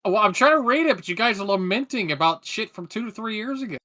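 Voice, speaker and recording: A man's voice: sits high, lively intonation, quick pace, bright, forceful tone. A man co-hosting a casual stream, talking bluntly and ranting with lots of swearing. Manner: blunt and profane, rants. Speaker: co-host.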